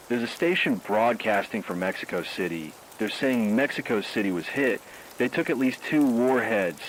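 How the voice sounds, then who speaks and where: A man's voice: fairly low pitch, slight background noise, lightly acted, low-quality recording. A man playing a despairing radio DJ. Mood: somber. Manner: grim, shaken, despairing. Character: male radio host, scared and grief-stricken. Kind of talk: radio drama narration.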